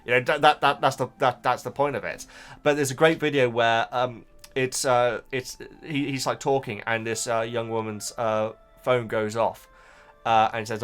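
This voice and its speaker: A young man casually reacting to a book he is reading, rambling and halting, often stopping to laugh at himself. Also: mid-range voice, flat delivery, fairly bright tone, clean tone, soft background music.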